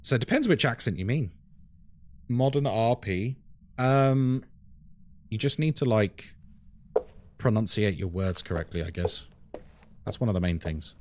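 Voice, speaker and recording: A man's voice: fairly low pitch, animated, measured pace, pauses often, background noise. A British man streaming a horror game live, chatting casually and explaining things to his chat with lots of "like" and "um". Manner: chatty and explanatory, many fillers like "like" and "um". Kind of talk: live gameplay commentary, answering chat.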